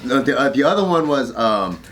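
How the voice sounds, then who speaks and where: A man in his thirties on a podcast, telling a profane story with bursts of laughter and acted-out shouts. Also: mid-range voice, very animated, fairly quick, a loud crowd. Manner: profane, laughing storyteller acting out drill instructors. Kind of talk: casual chat.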